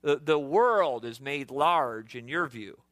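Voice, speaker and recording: A man preaching a sermon as pastor. He speaks emphatically, jumps in pitch suddenly and often stumbles over repeated words. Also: expressive, slow pace, a bit bright, no echo.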